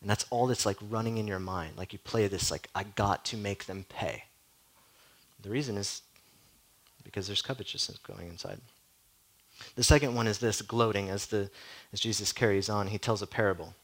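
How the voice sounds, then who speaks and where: A man's voice: on the low side, brisk, poor audio. A man preaching a sermon as a pastor, in a conversational way full of "like" and direct questions to the listeners.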